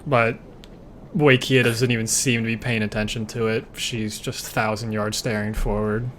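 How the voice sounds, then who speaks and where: A man's voice: on the low side, little pitch movement, normal speed, fairly bright tone, a little hiss or hum. A man running a tabletop role-playing game, narrating scenes and calling for dice rolls in a laid-back way. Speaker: game master.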